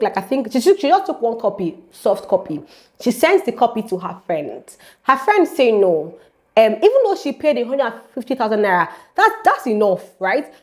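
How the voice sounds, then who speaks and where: A young woman telling her faith testimony to camera in a lively, repetitive storytelling way, speaking straight to her viewers. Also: on the high side. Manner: animated storytelling, repeats phrases, speaks directly to viewers. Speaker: vlogger sharing a faith testimony.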